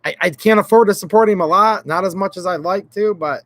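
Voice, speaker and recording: A man hosts a casual gun-channel livestream, rambling and joking with viewers and reading their names aloud. His voice is high-pitched, a bit bright, and a little fast, captured in a dry recording.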